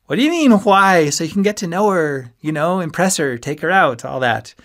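A man's voice: medium pitch, normal speed, voice pushed up, close to an everyday voice. A man voicing a cocky, scheming young male college student who teases and mocks his friends in an audiobook. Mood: teasing. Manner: teasing, loud and mocking.

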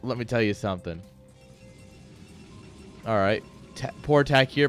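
A man's voice: mid-range voice, measured pace, fairly bright tone, soft background music. A young man casting a live game with hyped, joking play-by-play, talking straight to his viewers. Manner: hype, joking, talks straight to chat. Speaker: esports caster.

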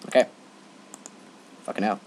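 A teenage boy rambling and joking through gaming commentary, breaking into sudden loud yelps. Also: a little slow, slight background noise. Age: teens. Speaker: let's play gamer.

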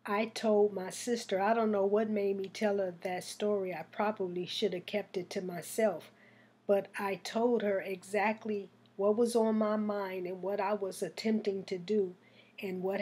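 A woman, a Christian exhorter, telling a personal testimony in a soft-spoken, reflective and earnest way. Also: medium pitch, slightly rough.

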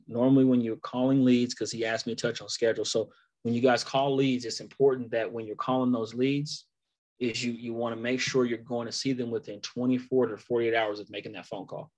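Laid-back man coaching sales callers. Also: medium pitch. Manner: laid-back, laughs between points; animated storytelling. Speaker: sales trainer. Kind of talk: casual training talk.

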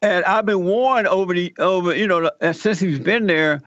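Man, gravelly voice, storytelling interview, dry dull sound. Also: high-pitched, normal speed, dry recording. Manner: animated, acts out the quoted people. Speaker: guest telling his story.

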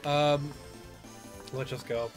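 A man's voice: on the high side, steady tone, takes it slowly. A young man casually rambling through let's-play commentary, self-deprecating and swearing often. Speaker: gamer. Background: game music.

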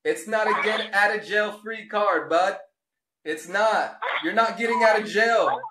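A man's voice: high voice, a little slow, reverberant, noisy background. A man rebuking a caller, taunting and sarcastic in a preachy rant. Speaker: religious video host.

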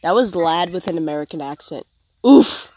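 A woman hosting a casual gaming voice chat, playful and teasing, with drawn-out mock-soothing asides. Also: medium pitch, sing-song, no echo. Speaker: gaming channel host.

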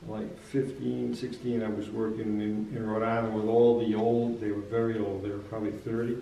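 Man, sax teacher, halting explainer, dark mellow tone, echoey room, far from the mic. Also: on the low side, little pitch movement, vocal fry, slight background noise. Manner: halting, repeats words, explains with examples. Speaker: saxophonist and teacher. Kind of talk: casual music lesson chat. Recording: roomy, distant from the mic.

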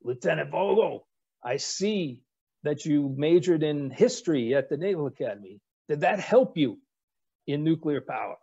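A man putting on the voice of a gruff, sarcastic elderly navy admiral, needling and abrupt, in a strained accent. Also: high-pitched, big pitch swings, a little slow, darkish tone, lo-fi sound, voice pushed up, exaggerated voice. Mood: probing.

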